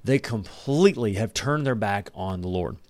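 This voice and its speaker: A man's voice: on the low side, animated, moderate pace, darkish tone, dry recording. A man giving a casual Bible lesson, reading verses aloud and breaking in with joking, conversational asides. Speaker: Bible study teacher.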